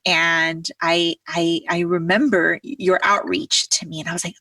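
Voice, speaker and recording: A woman's voice: on the low side, fairly quick, few pauses, dry recording, recorded from a distance. Grateful woman host, a bit off-mic. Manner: gushing, grateful, animated retelling with quoted dialogue. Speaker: podcast host. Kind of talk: casual conversational interview.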